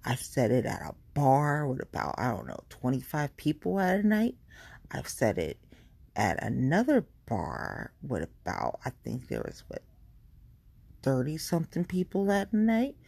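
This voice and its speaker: Woman podcaster, blunt and profane, warm low voice, dry close sound. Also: wildly swooping pitch, unhurried, creaky, slightly rough, no echo. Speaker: podcast host. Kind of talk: casual ranting monologue.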